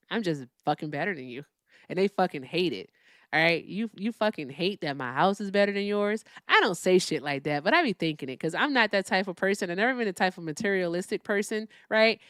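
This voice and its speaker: Woman streamer, profane emphatic rant, lively pitch, dry close sound. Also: clear, resonant tone, dry recording. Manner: profane, emphatic, repeats "all right?" tags. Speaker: host. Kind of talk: live-stream political rant.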